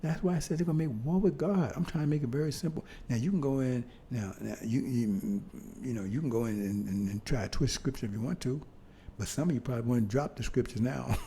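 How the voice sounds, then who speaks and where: A man preaching a sermon to brothers and sisters, talking in a loose, conversational way and often asking "see?" with halting restarts and bursts of emphasis. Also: medium pitch, dark tone, a little hiss or hum. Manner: conversational, repeats "see?" to the congregation.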